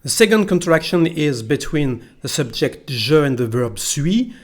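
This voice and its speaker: A man's voice: on the high side, very animated, unhurried. A man with a French accent, a native French speaker from France, teaching pronunciation patiently and repeating phrases for learners. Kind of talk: slow pronunciation lesson.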